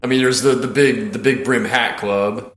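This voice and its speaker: Man, podcast host, casual film chat, excited scene recaps, frequent laughter, echoey room. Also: mid-range voice, normal speed. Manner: animated retelling of scenes, laughs often, swears.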